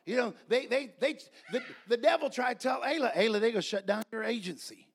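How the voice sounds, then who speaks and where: A man preaching a sermon, telling folksy stories and building to repeated, shouted refrains. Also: very high-pitched, brisk, slightly rough. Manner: folksy storytelling.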